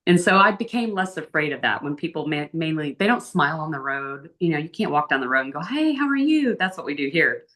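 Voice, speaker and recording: A woman with a very low, deep speaking voice tells her travel stories in a casual interview. She is chatty and animated, her pitch jumping up when something delights her. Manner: chatty, animated storytelling with big pitch lifts. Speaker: interview guest.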